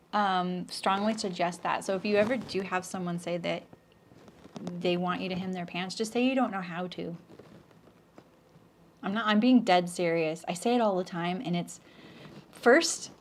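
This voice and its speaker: A middle-aged woman hosts a live sewing stream, chatting and joking with viewers and reading out their comments, often dropping into quiet asides. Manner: chatty and joking, lots of restarts, often drops into a low aside. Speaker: sewing pattern designer hosting a live stream.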